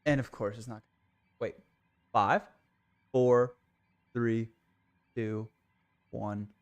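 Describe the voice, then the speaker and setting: A man's voice: medium pitch, fairly even intonation, extremely slow. A young man livestreaming a video game, ranting and swearing in exasperation while talking casually to his viewers.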